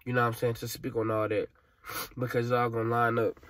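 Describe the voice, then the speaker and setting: A man's voice: mid-range voice, monotone, fast, fairly bright tone, dry recording. Tearful young man venting. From Alabama, USA. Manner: frustrated, rambling, profane, slangy. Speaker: vlogger. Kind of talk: emotional vent to camera.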